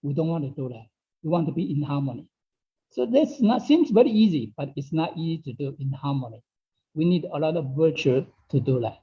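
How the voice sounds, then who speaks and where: A man's voice: on the high side, lively intonation, a little fast, dark tone. A man teaching an online Dao study class in English that is not his first language. He repeats his phrases and keeps checking in with his listeners by asking "okay?". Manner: non-native English phrasing. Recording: dull lo-fi online class audio.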